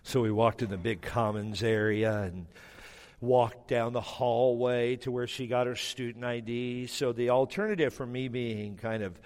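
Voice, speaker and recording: A man's voice: mid-range voice, steady tone, a little slow, darkish tone, big-room sound. A man preaching a sermon, telling a personal story with self-mocking humor and emotion. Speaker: pastor.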